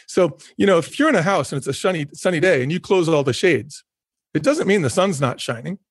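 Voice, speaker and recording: Middle-aged man, earnest and reflective, laughs easily, higher voice, dry recording. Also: animated, a little fast, husky, no echo. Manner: earnest, repeats phrases for emphasis, laughs easily. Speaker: guest, former company executive. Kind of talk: reflective conversational talk.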